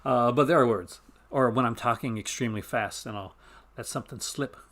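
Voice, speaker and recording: A man's voice: mid-range voice, fairly quick, a bit bright. A man from Newfoundland with a Canadian accent, chatting casually on a live stream in a rambling way, often cutting himself off and chuckling.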